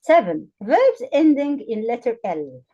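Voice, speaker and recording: Slow, careful female English teacher. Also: fairly high pitch, sing-song, mellow, lo-fi sound. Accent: Arabic. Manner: spells out letters and repeats example words slowly and clearly. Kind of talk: slow, deliberate grammar lesson for learners.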